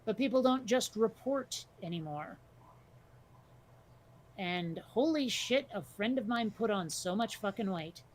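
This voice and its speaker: A woman's voice: mid-range voice, expressive, unhurried. A woman co-hosting a casual podcast chat, talking bluntly, swearing freely and telling stories with energy. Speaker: podcast co-host.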